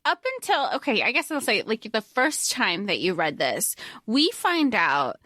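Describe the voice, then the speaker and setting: A woman's voice: fairly high pitch, big pitch swings, a little slow, sharp tone, dry recording, clean studio sound. A woman co-hosting a podcast, talking animatedly and swearing casually as she discusses a book. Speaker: podcast co-host.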